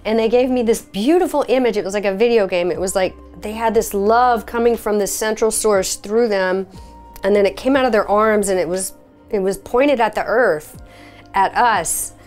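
A woman's voice: mid-range voice, normal speed, a little mellow. Woman telling her story, faint music. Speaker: experiencer sharing her story. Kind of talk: personal testimony.

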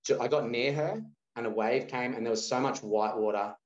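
Animated Australian man telling a story. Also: medium pitch, normal speed. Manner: animated storyteller acting out quoted dialogue. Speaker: guest. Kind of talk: casual storytelling interview. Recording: roomy, slightly dull sound.

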